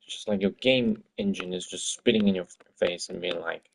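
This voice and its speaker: A man's voice: deep voice, fairly quick, creaky, slight background noise. A man streaming his game-development work, talking to himself in an exasperated, swearing rant. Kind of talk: livestream commentary while working.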